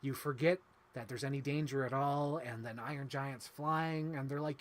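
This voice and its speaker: He speaks at a medium pitch and moderate pace, with a fairly bright tone, as co-host of a film review talk show. The movie chat is loose and heartfelt, rambling along with plenty of fillers.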